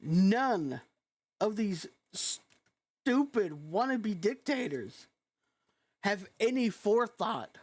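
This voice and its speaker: A woman with a youthful-sounding voice delivers a heated, blunt reaction rant. She talks slowly and swears freely, her frustration plain in every phrase. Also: medium pitch, big pitch swings, darkish tone. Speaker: vlogger.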